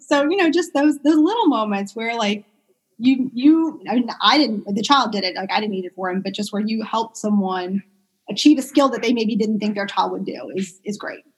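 Here a pediatric medical speech-language pathologist, a young adult woman, chats casually as an interview guest at normal speed. Her medium-pitched voice is slightly rough, her speech packed with fillers, and she relives stories animatedly on poor-quality audio.

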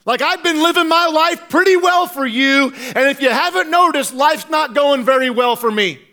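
Guy doing a worn-out prophet whining to god, pitched way up, strained. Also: moderate pace, sharp tone, exaggerated voice. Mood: despairing complaint. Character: despairing complaining male prophet, worn out.

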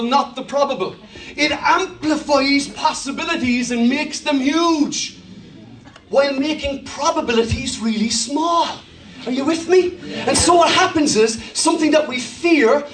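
A man with an Irish accent preaching a sermon to a church, telling jokey stories in an animated way, often laughing as he talks. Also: very high-pitched, distant mic. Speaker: pastor. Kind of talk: sermon with humorous storytelling. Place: large church hall. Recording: echoey church hall, from off-mic.

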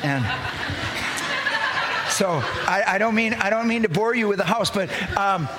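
A man's voice: sits high, unhurried. A middle-aged male pastor preaching a sermon, telling a personal story with frequent restarts and building intensity.

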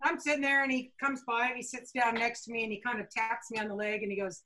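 Guest: lively female storyteller, high and bright. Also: quick pace, poor audio. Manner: animated storyteller, acts out others' lines. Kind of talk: casual conversation.

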